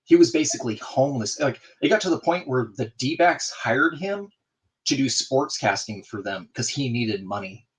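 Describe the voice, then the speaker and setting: A man's voice: mid-range voice, expressive, normal speed. A man in a casual video call, telling a story and acting out both sides of the conversation. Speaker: guest in a group video chat.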